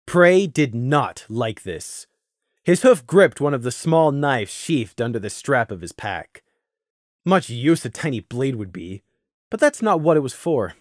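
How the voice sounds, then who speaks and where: Lively male storybook narrator. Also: medium pitch, measured pace, no room sound, studio quality. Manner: lively, expressive reading. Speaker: audiobook narrator.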